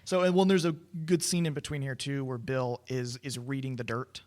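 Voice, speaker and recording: A man co-hosting a podcast, chatting casually about a film, with quick asides and frequent laughs. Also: medium pitch, level tone, a little mellow. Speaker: podcast co-host. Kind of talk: casual movie discussion.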